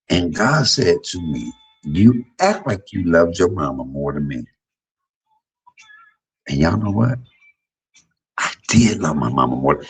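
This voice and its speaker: A man in his fifties speaks in a husky, fairly low voice. He talks on a livestream in a blunt, profane personal monologue, and his pitch swings widely from loud outbursts down to low murmurs. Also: sing-song, normal speed, pauses often, poor audio. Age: 50s. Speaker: livestream host.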